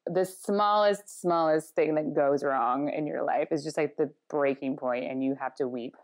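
A woman's voice: low-pitched, moderate pace. A woman co-hosting a podcast, telling rambling stories in a dry, wry casual chat. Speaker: podcast co-host.

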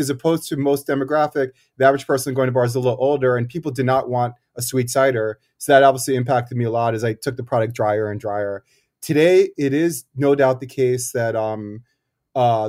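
A man, a cider maker and guest, talking in a thoughtful, halting way with many fillers and restarts. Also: medium pitch, a little mellow. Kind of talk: casual interview talk.

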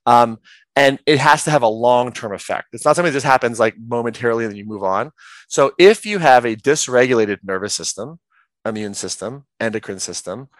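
A man's voice: mid-range voice, brisk, no echo. A man talking earnestly as a podcast guest, explaining his field with many "like"s and "right?"s. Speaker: guest, trauma practitioner.

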